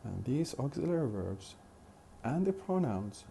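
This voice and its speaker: A man teaching a phonetics lesson in a slow, deliberate way, repeating example questions. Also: mid-range voice, sing-song, gravelly, warm tone, slight background noise. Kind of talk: recorded lecture.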